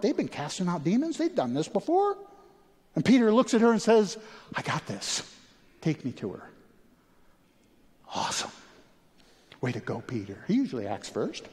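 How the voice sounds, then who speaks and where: A man preaching a sermon in a fairly high voice. He asks quiet questions, then climbs into urgent, animated pleading. His voice rings with the long reverb of a big hall. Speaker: pastor.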